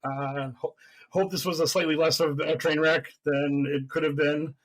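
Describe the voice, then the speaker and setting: A man's voice: a little high, steady tone, moderate pace, a bit bright, low-quality recording. A man hosting a casual sports podcast, rambling and joking, often repeating his words. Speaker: podcast host.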